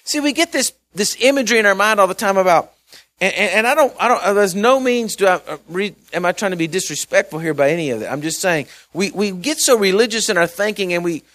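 Male pastor, slightly high voice, conversational folksy sermon delivery with loud-to-quiet swings. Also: lively intonation, fast. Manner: conversational, folksy preaching with asides and repeated words; swings between loud emphasis and quiet mumbling.

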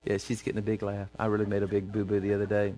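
A man's voice: lowish voice, very fast, a little hiss or hum. A pastor preaching a sermon from a church pulpit in plain, folksy words, acting out the voices of the people he describes. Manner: animated, acts out voices of people he quotes.

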